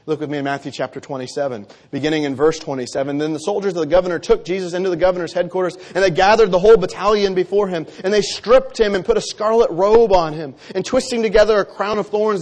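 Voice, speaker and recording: A man preaching with a high, light voice. He reads scripture aloud and presses his points with earnest, emphatic repetition, dropping quiet and low for the solemn moments. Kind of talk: sermon.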